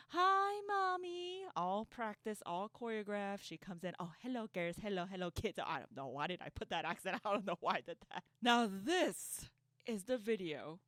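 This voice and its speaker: A woman talks through a casual reaction commentary with sarcasm and frequent laughter. Her pitch swings widely as she rants, often tripping over repeated words. The sound is dry and close, with no room echo. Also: fairly bright tone. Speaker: online commentator.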